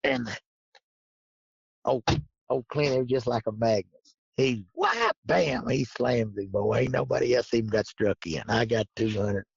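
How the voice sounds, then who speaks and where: Gravelly husky man, folksy drawling storyteller, dull lo-fi dry sound. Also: mid-range voice, moderate pace, dry recording. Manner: folksy, drawling, laughs through stories. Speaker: guest. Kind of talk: casual storytelling. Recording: dull lo-fi podcast audio.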